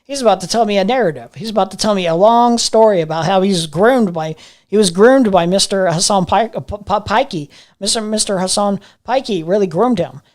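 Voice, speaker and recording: Sarcastic live-stream commentator, mid pitch. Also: fairly quick, a little mellow. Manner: sarcastic, mocking asides, repeats phrases. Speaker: streamer reacting to a video.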